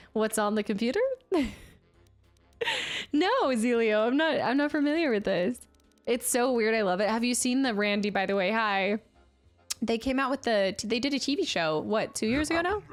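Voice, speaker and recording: A woman streamer in casual gameplay commentary, chatty and playful, who often reads game dialogue aloud. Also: a little high.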